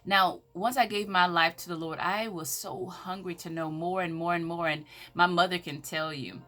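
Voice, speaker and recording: A woman's voice: fairly low pitch, fairly even intonation, normal speed, bright, forceful tone. A woman with a Southern American accent, speaking as an empowerment speaker in a preacherly, emphatic way. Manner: preacherly, scripture-quoting, emphatic. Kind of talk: inspirational faith talk.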